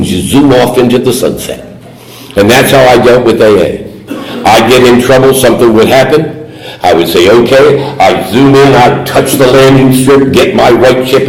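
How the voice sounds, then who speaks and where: A man's voice: mid-range voice, darkish tone. A middle-aged man giving a humorous talk at a recovery meeting, telling his story with put-on voices. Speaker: AA speaker. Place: meeting hall. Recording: echoey hall recording.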